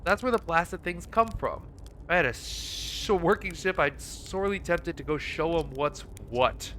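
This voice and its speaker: A man reading out a laid-back, folksy alien pilot from a space exploration game, stranded and unbothered, trading in dry jokes. The voice sits a little high and sounds bright and forceful. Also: animated, measured pace, a little hiss or hum. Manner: folksy, dry humor, read aloud from on-screen dialogue. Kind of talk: reading game dialogue aloud.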